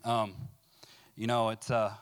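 A man sharing a personal recovery testimony, speaking haltingly with fillers and repeated words, then reading scripture aloud with rising fervor. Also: fairly low pitch, steady tone.

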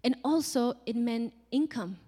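A woman preaching a sermon in a chatty, lively way, slipping into voices for the quotes she tells. Her voice sits a little high, and it rings out with a long reverb as if in a large hall. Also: a little slow. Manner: conversational, animated, acts out quotes with laughs.

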